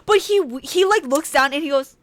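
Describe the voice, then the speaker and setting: A young woman co-hosting a podcast tells a story in a high, bright voice. She talks in an animated way and often breaks into laughter. The recording is dry and close. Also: moderate pace, no room sound. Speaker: podcast co-host. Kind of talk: casual chat.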